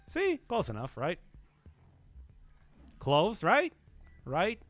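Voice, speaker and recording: Brief: male streamer, high and very animated voice, rambling jokes, faint music underneath. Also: takes it slowly, pauses often. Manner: jokey, rambling, chatting with viewers. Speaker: game streamer. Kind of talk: casual gaming stream chat.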